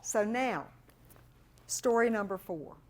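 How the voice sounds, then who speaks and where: A middle-aged woman, a fundraising consultant giving a workshop talk and telling animated stories with quoted voices. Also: medium pitch, slow, a little hiss or hum.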